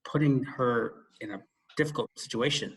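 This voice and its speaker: A man co-hosting a podcast, telling a school story in a casual chat, with quick asides and laughing at himself. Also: mid-range voice. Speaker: podcast co-host and former school administrator.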